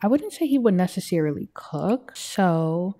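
A young woman casually narrating her life-simulation game, chatting and putting quick voices on the characters. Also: fairly low pitch, very animated, mellow. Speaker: let's play gamer. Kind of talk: casual gameplay commentary.

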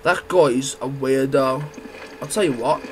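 A man giving loud, crude, excitable gameplay commentary. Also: mid-range voice, a little slow, background noise. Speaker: gamer.

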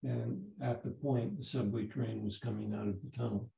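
Gravelly, dark-voiced older man teaching. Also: mid-range voice, steady tone. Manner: halting, repeats words and restarts. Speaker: Zen teacher. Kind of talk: dharma talk, storytelling. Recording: roomy echo.

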